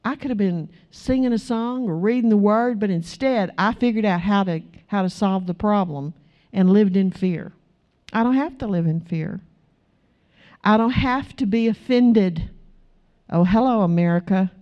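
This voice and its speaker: A woman's voice: medium pitch, moderate pace, muffled recording. A woman preaching a sermon in church, emphatic and asking her congregation rhetorical questions.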